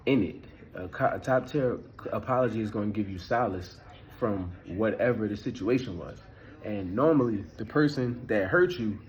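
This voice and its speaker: A man in his thirties, a spiritual vlogger, gives a casual spiritual talk in a mid-range, slightly mellow voice. He stays loose and conversational, often checking in with the listener by asking "you feel me." The audio sounds dull.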